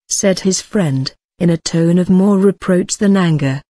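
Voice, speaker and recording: A woman narrating a classic novel as an audiobook reader, in a measured, even reading. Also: on the low side, no echo.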